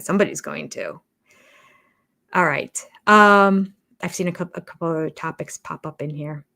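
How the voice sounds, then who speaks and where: A woman's voice: low voice, normal speed, creaky, pushed and bright. A middle-aged woman hosting a live reality TV review chat, candid and chatty, breaking off mid-sentence and laughing at herself. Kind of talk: casual live-stream chat.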